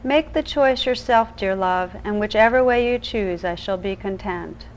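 A brave, courteous young knight from an old legend speaks with steady earnestness, read by a woman without a put-on voice. The tone stays gentle and mid-pitched, like a story told aloud. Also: a little slow, a little hiss or hum, natural voice, low-quality recording. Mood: earnest.

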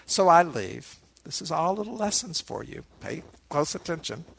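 A man giving a meditation dharma talk, a relaxed storyteller who adds asides to his listeners. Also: a little high, moderate pace, gravelly, husky. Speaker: meditation teacher.

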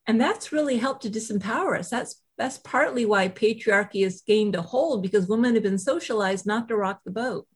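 A woman who writes and teaches self-compassion, telling a personal story in a casual interview, animated and full of "you know" asides. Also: medium pitch, moderate pace, hardly any pauses, slightly rough. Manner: animated, acts out quoted voices, frequent "you know" asides.

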